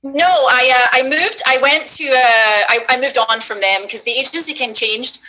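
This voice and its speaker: A woman's voice: high voice, normal speed, rough recording. A woman being interviewed about voice acting, talking casually with many restarts. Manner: rambling, many restarts, animated. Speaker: guest voice actress.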